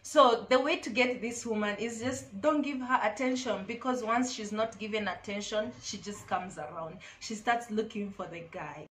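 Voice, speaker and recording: A woman's voice: fairly high pitch, moderate pace, few pauses, a bit bright, a little hiss or hum. A woman vlogger giving casual, emphatic advice to camera, repeating her key phrases.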